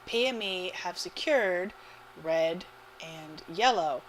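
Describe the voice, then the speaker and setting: A woman giving live commentary on an online game match, chatty and quick to laugh. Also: on the low side, poor audio. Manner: chatty, laughs often, excitable. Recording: faint background noise.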